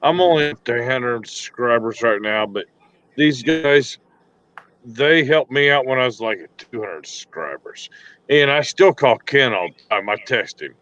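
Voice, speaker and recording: Grateful male guest, bright voice, muffled call line. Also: mid-range voice, expressive, normal speed. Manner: earnest, grateful. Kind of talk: casual livestream chat.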